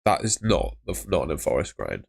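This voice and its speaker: Deep guy on a livestream, chatty and upbeat, reading out chat names. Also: big pitch swings, normal speed, creaky, breathy edge. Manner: chatty, upbeat, talks to chat viewers by name. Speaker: livestream host. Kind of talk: casual live stream chat.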